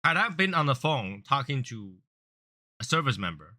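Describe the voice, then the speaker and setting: Very animated and speaking at normal speed, a cigar review channel host talks in a casual, earnest way. His chat wanders and circles back on itself, rising in volume and pitch whenever he plays an angry caller.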